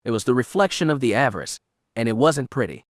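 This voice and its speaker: Steady man narrating an audiobook. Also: mid-range voice, fast talker, no room sound, clean studio sound.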